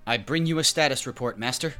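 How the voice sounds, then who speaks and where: A man's voice: medium pitch, quick pace, over loud music, natural voice. A man voicing an eager, deferential male henchman reporting to his master. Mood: servile.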